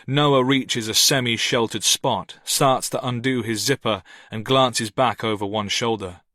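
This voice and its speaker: A man narrating a thriller audiobook with steady, tense storytelling. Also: medium pitch, a little slow, no room sound, clean studio sound. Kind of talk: scripted narration.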